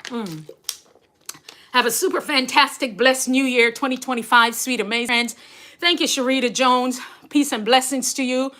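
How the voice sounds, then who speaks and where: A woman's voice: sits high, moderate pace, sharp tone. A middle-aged woman with a Caribbean accent, a nurse and coach chatting to her viewers on a livestream, talking while she rides an exercise bike and laughing often. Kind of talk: casual livestream chat.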